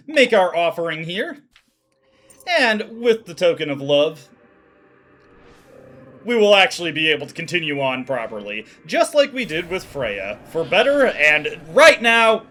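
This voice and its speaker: A woman's voice: low-pitched, a bit bright. A woman hosting a let's play, giving casual, wry, self-deprecating commentary on the game.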